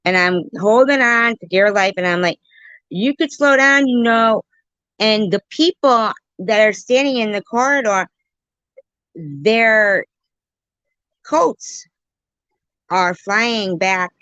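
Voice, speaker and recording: A woman livestreamer telling a story and joking with her viewers in an animated, playful way, on a dull, dry lo-fi recording. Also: medium pitch, smooth, no room sound. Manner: animated, jokey, slow and drawn out. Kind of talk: casual storytelling and chat.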